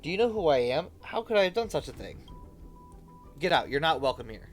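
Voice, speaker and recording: A man's voice: a little high, very animated, brisk, faint music behind, pitched above the performer's own voice. A man voicing a haughty butler in a video game, indignant and dismissive.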